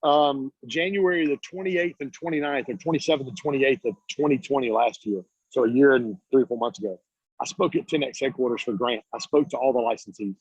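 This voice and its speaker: A man giving an energetic, preachy motivational talk on a video call, casual and blunt as he tells stories. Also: medium pitch, brisk, husky, dry recording. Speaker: guest speaker, business coach. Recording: dull lo-fi call audio.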